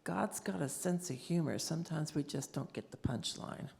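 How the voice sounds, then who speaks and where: Gravelly low woman, far in a hall. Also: moderate pace, darkish tone, a little hiss or hum. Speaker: audience member. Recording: distant reverberant hall.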